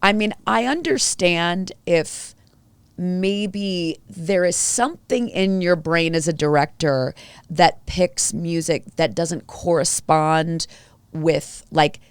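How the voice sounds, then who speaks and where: A woman co-hosting a podcast, giving strong, animated opinions in a casual film review chat. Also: fairly low pitch, slow pace, clean tone, no echo. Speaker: podcast co-host.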